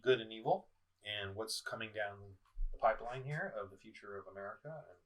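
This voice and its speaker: A middle-aged man rants at home, his voice bright and pushing hard as he accuses his listeners. He stumbles over words, restarts and repeats phrases. He sits a little way back from the mic, so the sound has some distance. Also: lowish voice, fairly quick. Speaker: political vlogger. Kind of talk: ranting video commentary. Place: indoors at home, in front of a screen. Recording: voice somewhat far from the mic.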